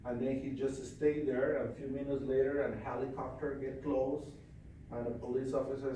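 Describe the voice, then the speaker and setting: A male trainer telling a story at a live seminar in a forceful, commanding, repetitive way. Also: mid-range voice, level tone, normal speed, slight background noise. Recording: echoey hall from far off.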